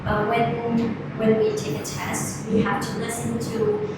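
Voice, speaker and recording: Thai-accented woman student, hesitant answers, distant mic, echoey classroom with loud noise. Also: fairly high pitch, completely flat delivery, a little slow. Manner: hesitant, filler-heavy.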